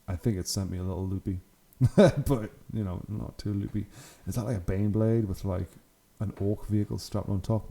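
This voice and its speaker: A man's voice: on the low side, vocal fry, dark tone. A young man hosting his channel, giving casual, enthusiastic commentary on hobby photos and laughing often. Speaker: channel host.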